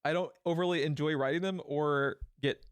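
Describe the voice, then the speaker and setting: Excitable podcast dude, swears a ton, laughs easy, kinda high voice, dry close mic. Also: male voice, normal speed, no echo. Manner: animated, swears a lot, laughs easily. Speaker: podcast co-host. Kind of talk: casual chat.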